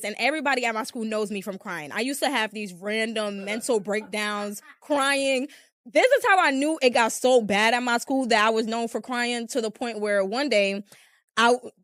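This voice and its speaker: A woman's voice: fairly high pitch, fairly bright tone, no room sound. Chatty young woman podcast host, dry close sound. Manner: chatty, rambling, heavy use of filler "like". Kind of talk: casual storytelling chat. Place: room with a small live audience.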